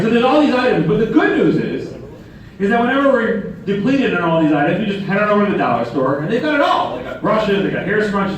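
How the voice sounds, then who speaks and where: A high-voiced man delivers a sermon, mixing light stories with rhetorical questions. He is recorded from a distance in a very echoey hall, with faint noise behind him. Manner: storytelling with humor and rhetorical questions. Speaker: rabbi.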